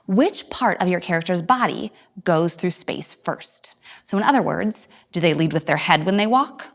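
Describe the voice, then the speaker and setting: A woman teaching an acting lesson to viewers at home, acting out each voice as she explains it and leaping suddenly high or low. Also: animated, normal speed, gravelly.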